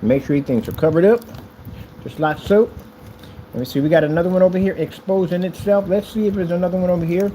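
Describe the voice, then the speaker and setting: A man's voice: high-pitched, fast talker, mellow, slight background noise, rough recording. A man casually walking through his custom PC wiring, chatty and boastful, with playful asides. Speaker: maker showing a custom PC build. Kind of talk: casual tutorial vlog.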